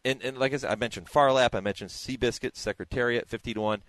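A man's voice: medium pitch, quick pace, fairly bright tone, no room sound. A man hosting a radio show, chatting casually with restarts and asides.

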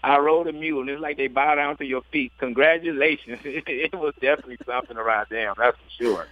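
A man's voice: medium pitch, fast, dry recording. A man tells racing stories over a tinny, phone-like line, with a dry, close sound. He laughs often and jumps into playful voices for the people he quotes. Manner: laughing, animated storyteller acting out quotes. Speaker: jockey guest. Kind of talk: storytelling interview.

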